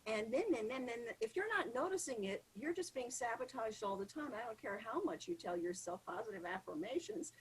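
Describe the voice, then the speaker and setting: A woman's voice sits on the high side with a breathy edge, moving at a moderate pace through a rough recording. She coaches public speaking as a podcast guest, conversing with lively emphasis and performing the voices inside people's heads.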